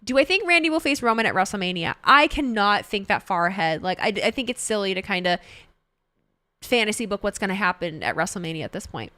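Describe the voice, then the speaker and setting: A woman's voice: mid-range voice, animated, fast talker, bright, forceful tone, dry recording. A young woman streaming from home, chatting casually with her viewers, reading their messages aloud, laughing often and swearing freely. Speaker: livestreamer reacting to wrestling. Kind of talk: casual live-stream chat.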